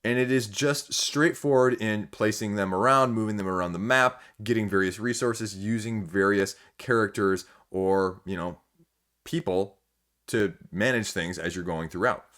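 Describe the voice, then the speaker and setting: Host, male, Michigan Midwestern accent, lowish voice, rambling and thinking out loud to camera. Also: moderate pace. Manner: rambling, thinking aloud with many fillers. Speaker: board game channel host. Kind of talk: casual talk to camera.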